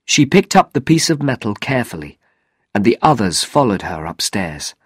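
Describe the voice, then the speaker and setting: A man narrating a graded reader story in a slow, clear, deliberate way. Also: on the low side, big pitch swings, no room sound, clean studio sound.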